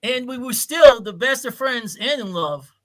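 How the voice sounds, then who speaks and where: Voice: mid-range voice, lively intonation, a little slow, lightly acted. A performer voicing an earnest young man in an amateur radio drama, speaking heartfelt and hesitant. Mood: tender. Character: earnest young man proposing to his sick girlfriend.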